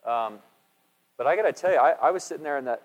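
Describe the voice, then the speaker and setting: A man's voice: a little high, lively intonation, quick pace, highs cut off. A male pastor giving a conversational sermon, chatty and asking his congregation questions as he goes. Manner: chatty, asks the congregation questions, restarts often. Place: church sanctuary. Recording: echoey hall with long reverb.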